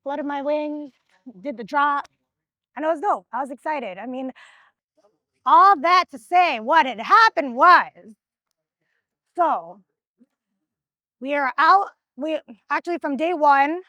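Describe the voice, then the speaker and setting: A woman, a reality show contestant, telling stories in a confessional, animated and profane, acting out what people said. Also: high-pitched, slow, pauses often, no room sound. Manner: animated, profane, acts out quotes. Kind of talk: confessional storytelling.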